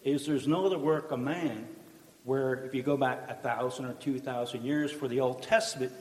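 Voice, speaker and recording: A man's voice: mid-range voice, steady tone, normal speed, darkish tone. Emphatic man in an echoey room. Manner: emphatic, rhetorical questions. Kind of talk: faith discussion. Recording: echoey room with faint noise.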